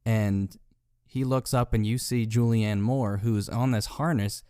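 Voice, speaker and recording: A man in a laid-back podcast chat with a fairly low voice. He narrates scenes piece by piece, with small fillers and short laughs. The recording is close and dry. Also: steady tone, a little slow, dark tone, clean tone, dry recording. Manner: describes scenes step by step with fillers and light laughs. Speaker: podcast co-host. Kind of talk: casual chat.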